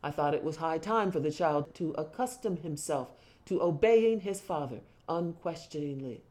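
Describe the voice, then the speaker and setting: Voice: medium pitch, expressive, moderate pace, a little mellow. A speaker reading a book passage aloud. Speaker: reader discussing a book.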